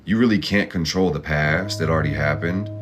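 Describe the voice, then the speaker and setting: A man's voice: rumbling low, a little fast. A man hosting an astrology and tarot reading, talking in a blunt, profane, pep-talk style full of slang. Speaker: astrology and tarot channel host. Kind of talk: casual motivational tarot reading.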